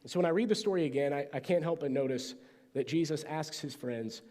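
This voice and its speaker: A man preaching a sermon as pastor, with emphatic phrasing that sometimes drops to a soft, hushed tone. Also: medium pitch, fairly quick. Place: church sanctuary. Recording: long church reverb.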